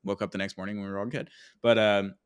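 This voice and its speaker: A man's voice: on the low side, level tone, clean tone. A young man hosting a casual sports podcast, upbeat and full of fillers. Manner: upbeat, quick sponsor reads with filler words. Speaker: podcast host.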